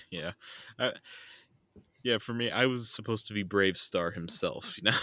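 A man's voice: fairly low pitch, unhurried, sharp tone, dry recording, clean studio sound. A man co-hosting a podcast in casual chat, giggly and rambling. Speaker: podcast co-host.

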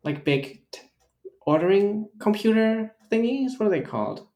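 A podcast co-host with a high voice speaks at normal speed in a reverberant recording, his English a second language after German, with an American-sounding German accent. Deadpan and rambling, he tells stories in casual chat, leaning heavily on fillers.

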